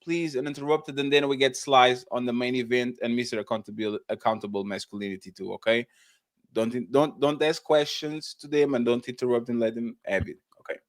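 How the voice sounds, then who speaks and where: A man's voice: mid-range voice, steady tone, fairly quick, no room sound. A man moderating a panel discussion, talking animatedly and steering who speaks next.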